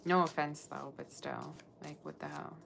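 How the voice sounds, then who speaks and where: A woman with a low voice and a gravelly edge gives a live tarot reading. She talks in a chatty, rambling way and answers her viewers' comments as she goes. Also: fairly even intonation, moderate pace, background noise. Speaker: tarot reader.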